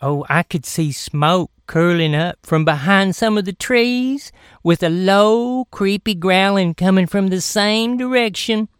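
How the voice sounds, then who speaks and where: A woman spins a folksy comic yarn, stretching out the dramatic beats. Her voice is smooth and clear. It sounds dry, with no room echo. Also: mid-range voice, measured pace. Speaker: comic storyteller. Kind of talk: folksy comedic storytelling.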